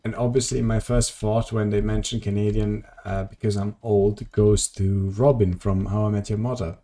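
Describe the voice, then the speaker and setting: A man's voice: on the low side, flat delivery, moderate pace, dark tone. A tired man chatting casually on a live stream as he plays, rambling and answering his viewers' messages. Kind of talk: casual live-stream chat while gaming.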